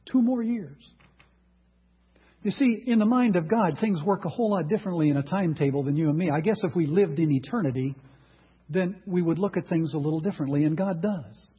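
A man's voice: a little high, slightly rough, highs cut off. A man preaching a sermon, emphatic, asking the congregation rhetorical questions.

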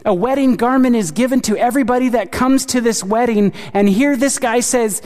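A man's voice: high-pitched, fairly quick, few pauses, darkish tone. A man preaching a sermon in an earnest way, often asking his listeners questions. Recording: reverberant hall.

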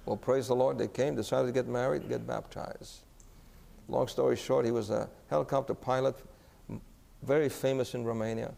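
Gravelly-voiced pastor preaching in a hall. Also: male voice, medium pitch, steady tone, normal speed, dark tone. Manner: earnest, asks the congregation questions. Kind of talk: sermon storytelling. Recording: echoey hall.

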